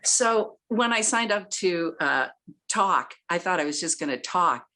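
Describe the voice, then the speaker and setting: A woman speaks in a slow, lowish voice at a memorial. She is teary and halting, stopping and restarting as she searches for words. Her tribute sounds heartfelt and unhurried. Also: expressive, bright, forceful tone.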